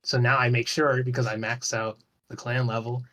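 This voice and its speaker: A man's voice: mid-range voice, flat delivery, normal speed, pushed and bright. A man talking as a guest on a podcast in a loose, rambling way, swearing casually and restarting his sentences often. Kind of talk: casual chat about an online game.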